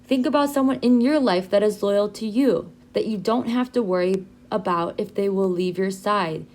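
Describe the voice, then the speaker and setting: A young woman leads an English vocabulary lesson, saying each phrase slowly and clearly so learners can repeat it. Her voice sits at a medium pitch for a woman. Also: a little mellow. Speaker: English teacher.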